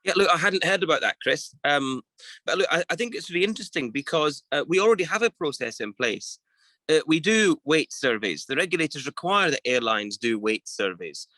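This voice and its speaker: A middle-aged man talks casually as a co-host, picking his way through thoughts with stops and restarts. His voice is bright and forward. The sound is dry and close, with no room around it. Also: a little high, expressive, brisk, dry recording, poor audio. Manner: hesitant, many restarts and fillers, thinking aloud. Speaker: co-host of a weekly aviation chat show. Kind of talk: casual chat.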